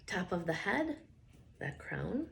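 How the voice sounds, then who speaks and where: A woman coaching a guided tapping session, speaking calm affirmations for the listener to repeat after her. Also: lowish voice, slow, gravelly, a little hiss or hum.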